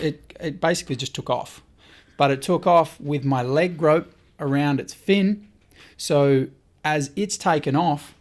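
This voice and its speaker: A man, a podcast guest telling a story in casual talk, acting out what people said and swearing now and then. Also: fairly high pitch. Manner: lively, swears, quotes people in dialogue.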